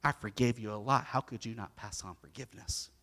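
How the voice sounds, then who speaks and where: A man voicing a stern master who gravely rebukes an ungrateful servant. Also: medium pitch, brisk, a bit bright, voice pushed down.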